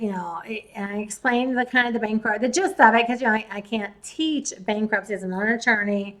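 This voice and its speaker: Woman, real estate investor, casual storytelling, animated, replays conversations, fairly high voice. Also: low-quality recording. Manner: animated, retells conversations in dialogue.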